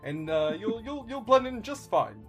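Guy putting on a pompous knight voice, stumbly, kinda low. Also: huge pitch swings, normal speed, over music. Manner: pompous, stumbling over words. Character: pompous bumbling male knight.

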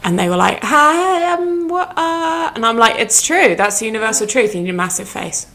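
A woman's voice: mid-range voice, quick pace, gravelly, pushed and bright. A woman co-hosting a casual chat, making dry, wry remarks.

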